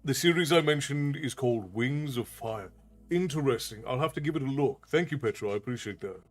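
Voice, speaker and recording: A man's voice: mid-range voice, lively intonation, fairly quick, faint music behind. A man with an unusual Irish accent, chatting with viewers on a live stream and answering their comments aloud. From Ireland. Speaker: storytelling streamer.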